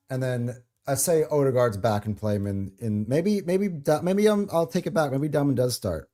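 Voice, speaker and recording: A man's voice: medium pitch, a little mellow. A man co-hosting a casual football talk show, hesitant, with lots of ums and short laughs. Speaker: podcast co-host.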